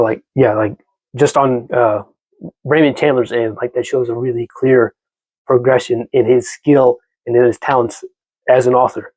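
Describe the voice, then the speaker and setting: Male book vlogger, casual chat, mid-pitched, rambling with loose fillers. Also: darkish tone, rough recording. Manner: rambling, many fillers and restarts.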